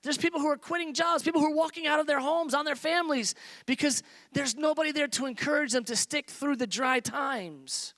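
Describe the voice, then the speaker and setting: Gravelly man preaching a sermon. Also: extremely high pitch, a little fast, a bit bright. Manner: preaching with rising emphatic repetition. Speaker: pastor.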